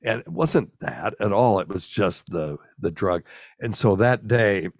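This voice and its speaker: Man in his sixties, low-pitched voice, broadcaster's delivery, candid anecdotes, dead-dry room. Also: expressive, measured pace, no room sound. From US South, raised in Chicago area until sixth grade. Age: 60s. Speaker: guest, physician and former broadcaster. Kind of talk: casual interview chat, storytelling.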